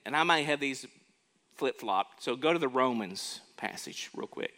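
A man's voice: on the high side, lively intonation, moderate pace, a bit bright. A man preaching a sermon, emphatic and questioning his congregation, repeating words as he builds each point. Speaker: pastor.

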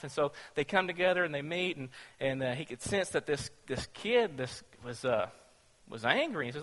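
Guy preaching, higher voice, keeps asking the room questions, lots of restarts, sound rings in a big hall. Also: lively intonation, moderate pace, fairly bright tone. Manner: conversational, asks the congregation questions, many restarts. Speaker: pastor. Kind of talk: sermon.

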